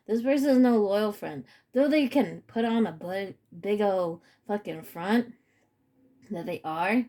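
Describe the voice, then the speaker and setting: A woman's voice: mid-range voice, mellow. A woman giving a casual spiritual reading to her viewers. She talks emphatically and swears freely, and she keeps repeating "okay?".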